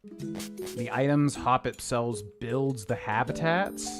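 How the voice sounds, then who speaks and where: A young male streamer chats loosely while he plays, rambling from one thought to the next and humming little tunes under his breath. Game music runs clearly behind his voice. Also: mid-range voice, slow. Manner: chatty, rambling, hums and scats to himself. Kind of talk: casual gameplay commentary.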